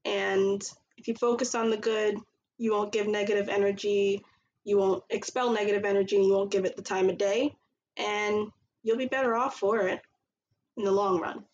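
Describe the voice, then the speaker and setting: A woman's voice: medium pitch, flat delivery, moderate pace, darkish tone. Woman podcaster rambling earnestly, bit muffled, faint hiss in the back. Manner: earnest, rambling with many fillers. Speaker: podcast host. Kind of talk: casual podcast chat.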